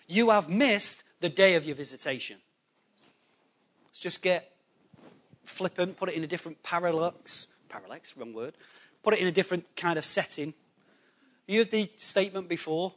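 High-voiced animated male preacher. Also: normal speed. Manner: animated, acts out excuses in quoted voices, conversational asides. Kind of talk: sermon. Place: church hall before a congregation.

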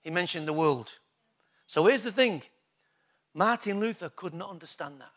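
A man's voice: sits high, animated, moderate pace, a bit bright. A man preaching a sermon, emphatic and full of rhetorical questions to the congregation.

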